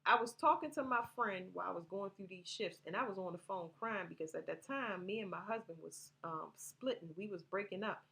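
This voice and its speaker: Woman, vlog storytelling, rambling, swears a lot, laughs as she talks, mid-pitched. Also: a bit bright. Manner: rambling, profane, laughs while telling. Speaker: vlogger telling personal stories. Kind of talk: casual storytelling to viewers.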